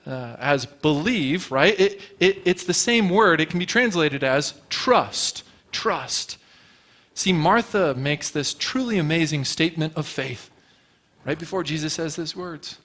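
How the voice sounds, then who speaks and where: A male pastor gives a relaxed, conversational sermon in a church, speaking in a voice pitched a little above the usual. He tells stories and keeps asking the room questions in a loose, informal way. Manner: informal and storytelling, with fillers and rhetorical questions. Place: church sanctuary before a congregation.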